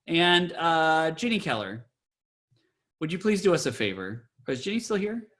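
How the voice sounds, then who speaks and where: A man, a cantor, teaching a Torah trope class over a video call, explaining and then chanting words slowly. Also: fairly high pitch, sing-song, fairly bright tone. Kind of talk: online Torah trope lesson.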